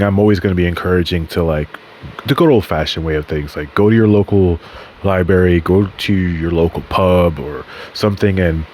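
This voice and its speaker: A man with a very low voice hosts a podcast in a loose, rambling monologue. He swears casually and stumbles over words, backing up to fix them. A faint hiss sits under the recording. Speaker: podcast host.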